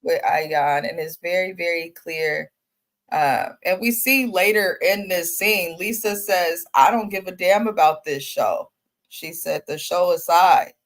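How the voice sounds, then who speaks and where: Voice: mid-range voice, unhurried. A co-host of a casual reality TV recap, speaking in an opinionated, emphatic way. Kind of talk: casual review chat.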